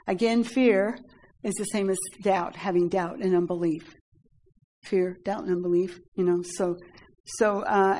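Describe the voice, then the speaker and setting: A woman teaching a Bible study, reading verses aloud and explaining them in an earnest, halting way with many fillers and "Amen?" prompts. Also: medium pitch, dark tone, poor audio.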